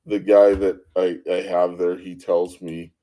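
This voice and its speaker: A man speaking as an interview guest, halting and full of fillers. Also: low-pitched, little pitch movement, mellow. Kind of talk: remote interview.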